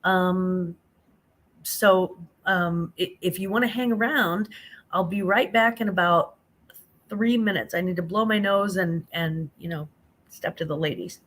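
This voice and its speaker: Woman host, lowish voice, half awake, easygoing chat with viewers in the small hours. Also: measured pace, fairly bright tone. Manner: chatty, reads viewer comments aloud, calls people honey. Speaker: live stream host. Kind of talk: casual late-night live chat. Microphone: phone.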